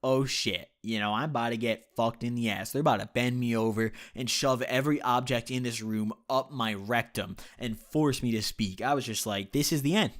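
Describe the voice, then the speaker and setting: A man telling a story on his vlog in a casual, profane, rambling way, full of "you know", swinging between loud and quiet. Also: mid-range voice, fairly even intonation, moderate pace, hardly any pauses. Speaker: YouTube storyteller.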